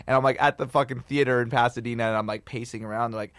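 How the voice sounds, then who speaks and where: A man's voice: medium pitch, fairly even intonation, rapid-fire, gravelly, hardly any pauses, a bit bright, dry recording. A man in his forties telling a long casual story, profane and full of "dude" and "like". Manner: profane, peppers talk with "dude" and "like". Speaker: podcast guest storyteller.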